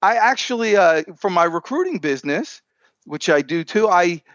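A sales coach tells stories in a podcast interview, standing as he energetically acts out the dialogue. His lively, rather high voice swoops up and down at normal speed, and he comes across as animated and upbeat. The recording is dry and a little dull.

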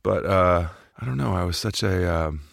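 A middle-aged American man talks with a voice sitting at the very bottom of the range, full of grainy fry. He answers interview questions casually and slips in deadpan jokes. The sound is close and dry, with no room around it. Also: low voice, moderate pace, no room sound. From St. Louis, Missouri, USA. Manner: dry, joking, wry asides. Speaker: podcast guest.

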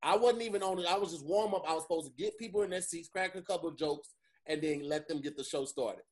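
A comedian co-hosting a casual chat, telling an animated story about a warm-up set. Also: male voice, on the high side, fast. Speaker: comedian, podcast co-host.

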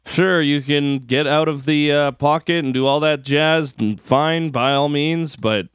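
A man's voice: fairly high pitch, a bit bright, smooth, no echo, clean studio sound. A man co-hosting a sports radio show, running through scores in a casual, joking way. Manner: quick sports rundown, joking. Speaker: sports report co-host.

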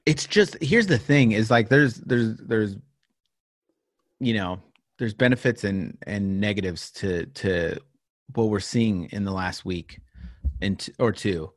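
A man co-hosting a casual business podcast, chatty and quick to laugh, often restarting his sentences. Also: lowish voice, no room sound, clean studio sound. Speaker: podcast co-host. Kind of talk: casual chat.

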